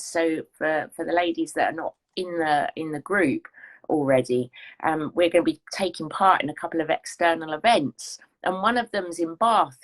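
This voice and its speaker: A woman's voice: fairly low pitch, fairly bright tone. Chatty, rambling woman coach. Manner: rambling, self-deprecating, chatty. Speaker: fitness coach. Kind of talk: casual chat.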